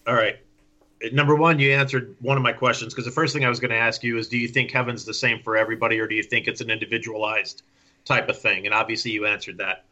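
A man's voice: medium pitch, flat delivery, fast, sharp tone, highs cut off. A man hosting an interview, asking long questions in a rambling way as he searches for words. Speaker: interview host.

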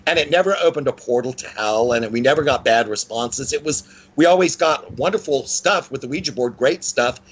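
Male guest, lively conversational storyteller with a mid-range voice. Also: brisk, slightly rough, rough recording. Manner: animated, with frequent pitch swings and restarts.

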